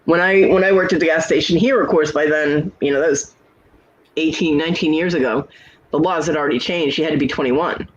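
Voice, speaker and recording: A woman's voice: low voice, fairly quick, dull audio. A woman in her forties hosting a casual chat, telling stories in a loose, chatty way and acting out the back-and-forth of conversations. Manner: chatty storyteller who acts out quoted exchanges. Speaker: host.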